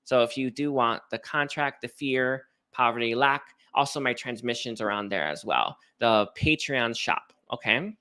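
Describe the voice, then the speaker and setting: A man's voice: medium pitch, normal speed, few pauses, pushed and bright, smooth. A man giving a casual, rambling spiritual reading, chatting to viewers with lots of fillers and restarts. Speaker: spiritual card reader.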